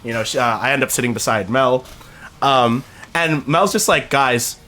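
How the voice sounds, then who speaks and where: A man streamer telling a story in casual chat, animated and laughing often, with lots of "like" and "right?". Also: medium pitch, moderate pace, soft background music.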